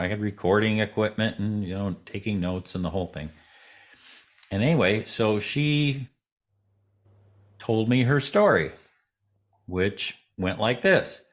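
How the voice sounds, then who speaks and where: A man, a guest in an interview, telling a story in a relaxed way and acting out the voices of the people in it. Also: fairly low pitch.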